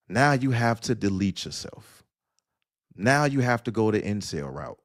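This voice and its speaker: Man, low-pitched, sarcastic, blunt lecturing rant, live-stream host. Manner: blunt, addresses listener directly. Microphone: audio-only stream mic.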